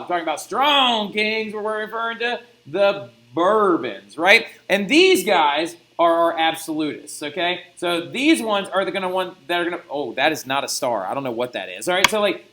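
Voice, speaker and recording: A young man teaching a recorded history lesson in a chatty, animated way, with jokey asides. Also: high voice. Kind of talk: recorded classroom lecture.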